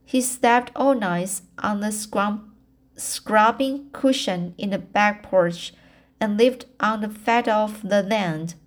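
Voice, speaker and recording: A woman reading a novel aloud as an amateur, stumbling and restarting words often and raising her voice for characters' lines. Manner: halting, with frequent restarts and stumbles over words; lifts pitch and volume for characters' quoted lines. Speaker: audiobook reader.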